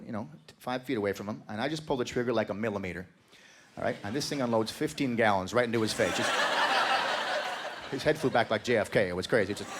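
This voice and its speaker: A male stand-up comic performing a rambling club set, cracking crude jokes and calling out to the crowd. He talks at a quick clip, and clear noise runs under the stage recording. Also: lowish voice. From Canada. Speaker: stand-up comedian. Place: comedy club stage with live audience.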